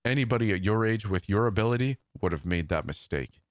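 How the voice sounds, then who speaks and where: A man voicing a frightened but resolute male guard who gently coaxes and then presses a scared boy. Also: on the low side, animated, brisk, no echo, studio quality, natural voice. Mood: coaxing. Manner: earnest, coaxing, grows firm. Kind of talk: storytelling narration with acted dialogue.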